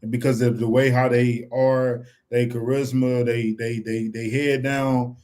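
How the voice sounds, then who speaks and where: Animated man talking football. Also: medium pitch, measured pace. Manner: animated, repeats "you know what I'm saying". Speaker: fan podcast co-host. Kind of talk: casual fan chat.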